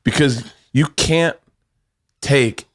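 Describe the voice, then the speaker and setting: A middle-aged man hosting a podcast, telling animated stories in casual chat, swearing freely and laughing as he talks. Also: mid-range voice, extremely slow. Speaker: podcast host.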